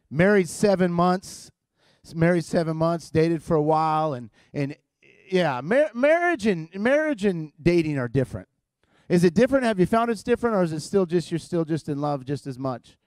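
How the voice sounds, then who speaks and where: High-voiced man joking from the pulpit. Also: lively intonation, moderate pace, a little mellow, dry recording. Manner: playful, teasing, self-mocking humor. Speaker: guest preacher. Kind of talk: humorous sermon opening. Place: church stage before a live congregation.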